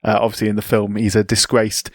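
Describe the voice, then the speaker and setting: A man co-hosting a podcast, telling sports history in a relaxed, chatty way with asides. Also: fairly low pitch, fast, breathy edge, no room sound, studio quality. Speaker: podcast co-host. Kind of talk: casual chat.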